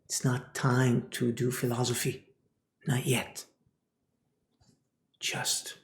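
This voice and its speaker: A man giving a spiritual teaching talk, speaking slowly and often dropping into a whisper. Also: medium pitch, little pitch movement, creaky, roomy sound. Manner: slow, often drops into a whisper.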